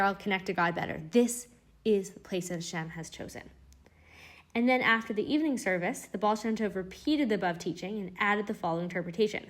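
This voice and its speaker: A woman gives an uplifting Torah lesson in an earnest, encouraging tone. She often repeats her words for emphasis. Her voice sits at an ordinary middle pitch. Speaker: Torah teacher. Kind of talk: inspirational Torah class.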